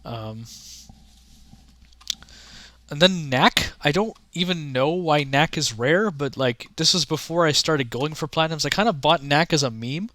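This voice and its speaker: A man with a fairly high, bright, forward voice talks casually and haltingly, circling back and restarting sentences often. He gives frank, offhand opinions in a loose rambling flow. The sound is close and dry, with no room around it. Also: dry recording. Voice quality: halting, many restarts and fillers. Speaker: gaming content creator.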